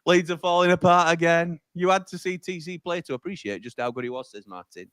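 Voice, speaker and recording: A man's voice: fairly high pitch, fairly quick, fairly bright tone, dry recording, studio quality. A man from Sheffield hosting a fan watch-along stream, chatting casually and reading out viewer comments with frequent laughs.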